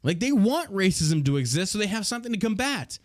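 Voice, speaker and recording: A man's voice: sits high, big pitch swings, quick pace, no room sound, studio quality. A man hosting a podcast, reading news aloud and ranting about it with heavy swearing and outrage. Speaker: podcast host. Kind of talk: casual podcast commentary.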